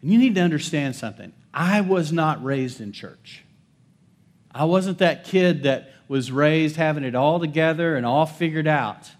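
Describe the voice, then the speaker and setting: At a church service, a male pastor preaches in a fairly high, lively voice at a moderate pace. He invites the congregation to respond, shifting between loud proclamations and soft, hushed lines.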